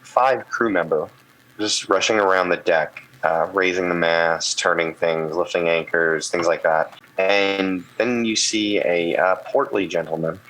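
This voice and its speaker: A man's voice: low voice, a little slow, rough recording. A man running a tabletop game as game master, narrating loosely with fillers. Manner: relaxed, many fillers.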